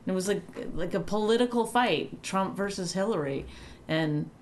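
A woman comedian co-hosting a podcast, chatting casually and telling profane, animated stories. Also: mid-range voice, normal speed, a little hiss or hum. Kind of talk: casual chat.

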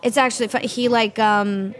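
A woman's voice: on the high side, moderate pace. A young woman, a dinner guest, chatting casually and acting out what people said as she tells a story. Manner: animated storyteller who acts out what others said. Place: restaurant.

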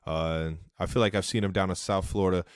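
Man, very low voice, laid-back, casual podcast chat, dry sound. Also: fairly even intonation, a little fast, no echo. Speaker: podcast co-host.

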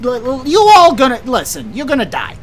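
A performer voicing a tiny, foul-mouthed old kobold sorcerer with a high-pitched, shouting Brooklyn accent. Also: wildly swooping pitch, fairly quick, soft background music. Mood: furious.

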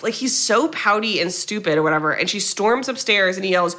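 A woman co-hosting a podcast, retelling a film's plot in a casual, animated way, quoting the characters and swearing now and then. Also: mid-range voice, fairly quick, hardly any pauses. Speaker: podcast co-host. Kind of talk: casual movie recap chat.

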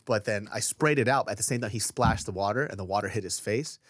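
A man's voice: fairly low pitch, quick pace, no room sound. A man in his thirties co-hosting a casual podcast, swearing freely, laughing, and telling stories with voiced quotes. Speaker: podcast co-host.

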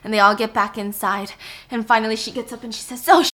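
A woman with a rather high, sharp voice recaps a movie plot to a friend, speaking fast with a flat delivery. She acts out quoted lines and lowers to a whisper at the tense parts, making it an animated retelling.

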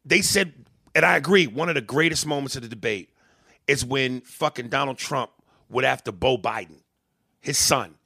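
Speaking at a moderate pace with a creaky, medium-pitched voice, this man debates politics casually but angrily, swearing and acting out other people's words as he tells the story. The studio sound is clean, without room echo.

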